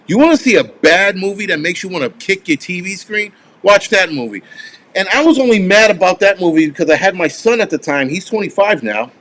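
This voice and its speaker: A man in his forties hosts a casual live stream, his voice sitting high with a fairly bright tone. He rambles and swears, answering viewer comments offhand.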